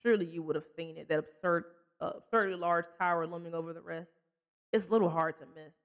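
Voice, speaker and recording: A woman voicing a sly, mocking male stranger from a game, reading his lines in a smooth, teasing way. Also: lowish voice, fairly even intonation, fast talker, lo-fi sound, close to an everyday voice. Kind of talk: reading game dialogue aloud.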